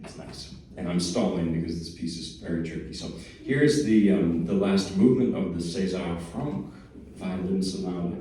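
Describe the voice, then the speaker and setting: A man's voice: low voice, normal speed, warm tone, a little hiss or hum. A man from New Jersey, a pianist introducing a piece in a chatty, self-deprecating way with small jokes. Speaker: pianist giving a lecture recital. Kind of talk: casual spoken introduction to a piece. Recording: very echoey hall, mic at a distance.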